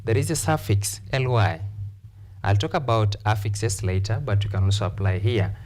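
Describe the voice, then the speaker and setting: A man teaching an English lesson on word stress, explaining slowly and repeating key points for his class. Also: fairly low pitch, darkish tone. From Kenya. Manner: slow, repetitive, deliberate explanation.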